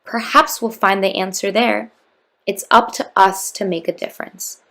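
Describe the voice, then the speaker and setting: A woman doing a gentle, coaxing court jester. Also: medium pitch, fairly even intonation, normal speed, lightly acted. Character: cheerful, caring male court jester.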